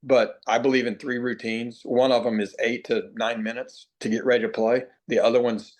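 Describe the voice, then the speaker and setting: A middle-aged man, a baseball hitting coach, talking in a podcast interview. He tells folksy stories, acts out quoted players and slows down to stress key points. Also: medium pitch, level tone. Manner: plainspoken, repeats himself, drawn-out emphasis.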